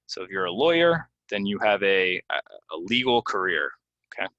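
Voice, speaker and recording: Man, english pronunciation lesson, slow repetitions, deep bright voice. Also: big pitch swings, no room sound, muffled recording. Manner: repeats words slowly with example sentences, many ums. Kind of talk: slide-based pronunciation lesson.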